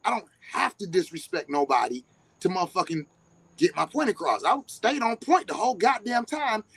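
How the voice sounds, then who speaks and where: A man's voice: very animated, moderate pace, vocal fry, a bit bright, husky, no echo, rough recording. A man hosting a live stream, talking in a passionate, confrontational, profane way that never backs down. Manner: high-energy, passionate, profane; confrontational, emphatic. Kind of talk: heated casual monologue.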